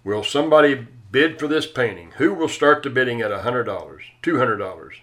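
A man's voice: mid-range voice, lively intonation, a little fast, bright, forceful tone. A man voicing an estate-sale auctioneer who patiently repeats his calls for bids, in a plain everyday voice. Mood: calling bids.

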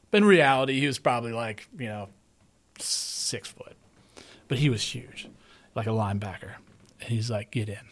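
Man telling a rambling story. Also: medium pitch. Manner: rambling, conversational, repeats himself. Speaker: podcast host. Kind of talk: casual storytelling.

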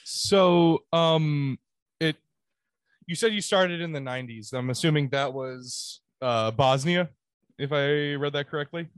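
A man asking interview questions in a halting, hesitant way. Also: fairly high pitch, clear, resonant tone, no room sound. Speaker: podcast host.

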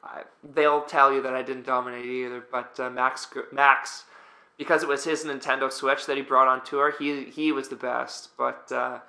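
A man's voice: mid-range voice, level tone, normal speed, creaky, sharp tone. A young man, a volleyball player, casually telling stories with rambling fillers and restarts. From Canada. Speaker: guest, pro volleyball player. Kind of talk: casual storytelling. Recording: roomy echo.

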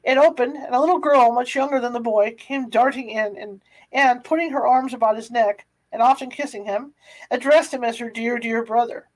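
A woman reading a classic novel aloud, unhurried, with small stumbles and restarts. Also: on the high side, steady tone, poor audio. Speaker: reader.

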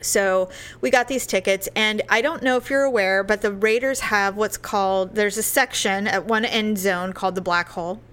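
A woman telling a story in casual chat, animated, with loud impressions of other people. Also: mid-range voice, moderate pace, clear, resonant tone.

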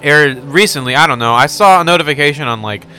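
A young man co-hosting a comedy podcast, reacting with quick laughs in casual chat. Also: on the high side, bright, forceful tone, faint music behind. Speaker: podcast co-host.

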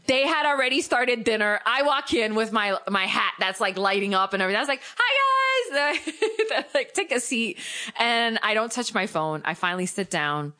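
A woman's voice: on the high side, lively intonation, normal speed, bright, forceful tone. A woman telling a long story in casual chat, acting out the people she quotes and laughing often.

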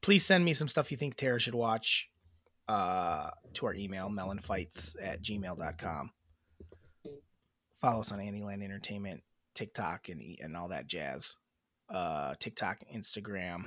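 Casual podcast co-host, male; bright, animated delivery, rambling and jokey, dry close-mic sound. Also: deep voice, measured pace, no room sound. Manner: rambling, jokey, many fillers and restarts. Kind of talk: casual chat.

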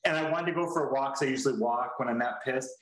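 A man's voice: medium pitch, racing, a bit bright. Rambling man in a roomy echo. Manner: rambling with many restarts, swears freely. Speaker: podcast co-host. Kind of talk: casual podcast chat.

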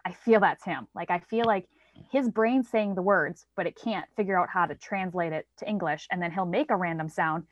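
A woman's voice: fairly low pitch, moderate pace. A woman in her thirties talking about her child in casual conversation, often acting out quoted lines with a raised voice. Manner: chatty, acts out quoted lines in a lifted voice. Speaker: parent guest. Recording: dry, slightly dull sound.

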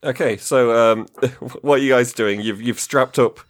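A man's voice: medium pitch, a little slow. A man narrating as game master in a tabletop role-playing session, playful and chuckling as he describes the scene.

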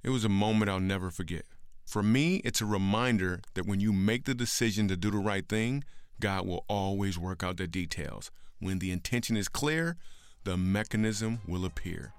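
A comedian and podcast host telling a story and closing with an emphatic, preachy message in an energetic, slangy manner. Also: male voice, low-pitched, moderate pace, hardly any pauses, clear, resonant tone.

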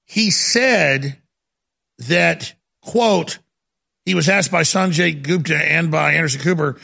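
A man's voice: fairly high pitch, slow, gravelly, bright, forceful tone, slightly rough. A man hosting a talk show, interviewing a guest in an indignant, rambling way and cutting in often. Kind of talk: heated interview.

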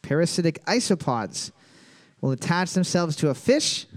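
A woman's voice: low-pitched, sing-song, normal speed. A woman hosting a casual trivia night, reading each question twice and trading crude, teasing banter with a co-host.

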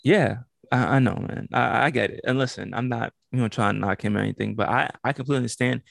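A man's voice: medium pitch, quick pace, creaky, no room sound, clean studio sound. A man co-hosting a podcast, telling a story in casual chat, acting out the quotes and laughing often. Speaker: podcast co-host.

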